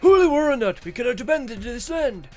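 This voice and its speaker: A man voicing a small, timid old hermit, wary and pleading, with drawn-out hums. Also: very high-pitched, very animated, darkish tone. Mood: solemn. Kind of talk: game dialogue read-aloud.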